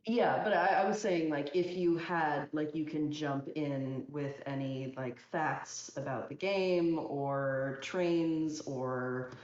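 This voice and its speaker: Slow, low-voiced woman speedrunner. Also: steady tone, darkish tone. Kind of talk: casual commentary over a game run. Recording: dull echoey recording.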